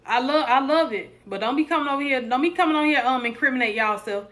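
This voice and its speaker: A young woman chats on a live stream, her voice bright and forceful and sitting a little high. She jokes with her viewers and slips into preachy encouragement. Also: fast talker. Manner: animated, preachy, joking with viewers. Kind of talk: casual live stream chat.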